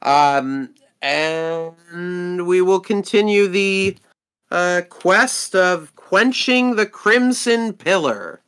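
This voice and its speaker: Lively game master with a bright voice. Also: male voice, high voice, drawn-out words, smooth. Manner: lively, hesitant restarts. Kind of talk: tabletop game narration.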